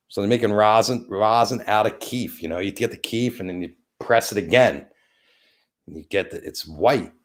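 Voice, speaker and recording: A middle-aged man hosting a casual live stream, rambling as he thanks viewers by name and plugs sponsors. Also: lowish voice. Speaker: host of a live-stream show.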